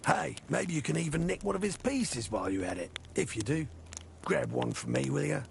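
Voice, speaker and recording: Gravelly convict hunter, lively sing-song, kinda high, game music behind. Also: male voice, normal speed, a little hiss or hum, heavily acted. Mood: sly. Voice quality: gravelly, slangy. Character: rough cocky male convict hunter, sly. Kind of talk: video game dialogue.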